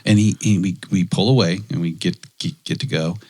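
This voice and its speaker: A man co-hosting a podcast, telling a family story in casual chat, animated and laughing often. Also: low-pitched, brisk. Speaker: podcast co-host.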